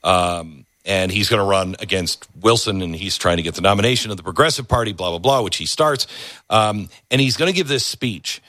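A man hosting a talk show, animated as he tells a story and quick to agree with his guest. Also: low-pitched, no room sound. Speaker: radio talk host. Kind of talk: casual interview chat.

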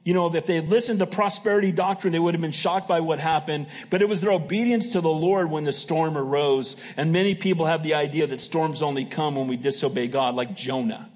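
A man's voice: fairly high pitch, a little fast, hardly any pauses, a little mellow. A man preaching a sermon as pastor, emphatic and folksy, often asking his congregation "Amen?". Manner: folksy and joking.

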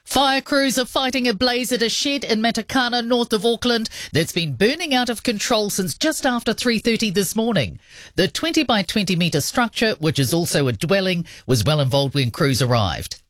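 A woman reading the radio news headlines in a crisp, expressive way. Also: medium pitch, moderate pace, dry recording, clean studio sound. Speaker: newsreader.

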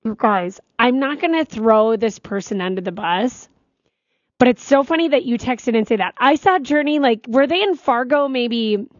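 A woman's voice: a little high, normal speed, no echo, muffled recording. A woman, co-hosting a radio show in casual, giggly chat. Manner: giggly, chatty, animated. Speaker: radio co-host.

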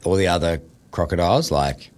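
A man hosting radio, telling a story in a playful, animated way that builds suspense. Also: deep voice, brisk. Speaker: radio host. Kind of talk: casual banter, storytelling.

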